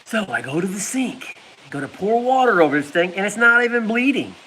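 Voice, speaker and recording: Animated man telling a story, lively pitch. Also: a little fast, slightly rough, rough recording. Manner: animated, laughs often, sound effects. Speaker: vlogger. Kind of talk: casual storytelling.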